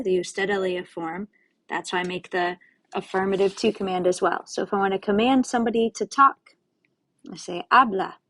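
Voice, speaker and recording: A woman's voice: medium pitch, a bit bright. A woman Spanish teacher giving a recorded lesson, explaining step by step to her students in a patient, casual way with friendly asides.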